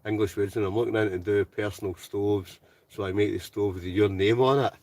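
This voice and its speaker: Scottish guy with a deep voice doing live chat banter from his tent, sounds a bit far from the mic. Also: fairly even intonation, brisk, darkish tone, no echo. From Scotland. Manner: chatty, reads out viewer comments, tags lines with "right?". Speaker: live stream host. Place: inside a hot tent with a stove.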